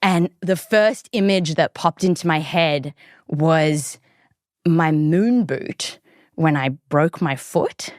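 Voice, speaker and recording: A woman's voice: deep voice, takes it slowly, dry recording, clean studio sound. An Australian woman hosting a podcast, telling a story in a chatty way with plenty of fillers. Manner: chatty, lots of likes and ums. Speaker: podcast host. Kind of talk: conversational storytelling.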